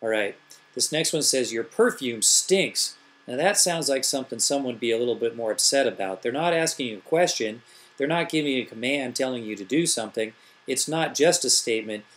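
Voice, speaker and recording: Speaking quickly in a mid-range voice, this middle-aged elementary teacher leads a classroom grammar tutorial. He explains each point patiently and step by step, asking questions he doesn't expect answered.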